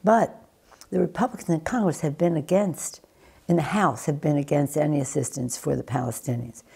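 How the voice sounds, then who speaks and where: An older American woman answering questions in a news interview, deliberate and emphatic, often restarting her sentences. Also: low-pitched, vocal fry, dark tone, husky. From United States. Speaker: interviewee, former politician.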